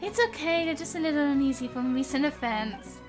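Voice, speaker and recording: A young woman live-streaming a game, reading its dialogue aloud with a high, bright voice. She chats in a bubbly way and laughs off her stumbles. Faint game music sits behind her. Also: brisk. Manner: chatty, bubbly, stumbles on words and laughs at herself. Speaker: gaming streamer.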